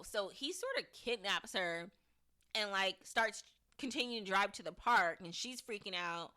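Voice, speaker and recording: A woman's voice: medium pitch, a little slow. A woman hosting a podcast, chatting casually through an episode recap and thinking aloud with restarts. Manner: lively, acts out characters' lines in recaps. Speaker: podcast host.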